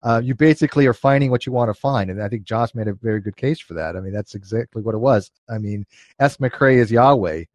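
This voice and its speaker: A man's voice: mid-range voice, fast talker, a little mellow, no echo. A man hosting a live chat stream, joking, laughing often and pushing his voice up when he gets worked up. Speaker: host reading super chats. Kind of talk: casual livestream chat.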